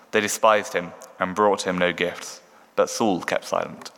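A man's voice: low voice, vocal fry. Man reading scripture in a church. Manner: measured, steady reading. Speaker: scripture reader. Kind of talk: Bible reading. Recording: echoey church hall.

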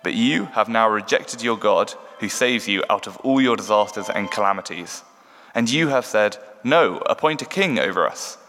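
A man giving a measured Bible reading in a church. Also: fairly low pitch, expressive, fairly bright tone, slight background noise. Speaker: scripture reader. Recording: echoey church hall.

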